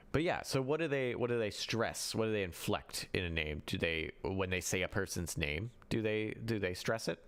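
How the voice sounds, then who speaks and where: A man's voice: low voice, animated, a little slow, vocal fry, long pauses, fairly bright tone. A man hosting a casual livestream about running tabletop games, rambling and restarting his sentences as he answers viewer chat. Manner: rambling, with frequent restarts and self-corrections. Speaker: livestream host.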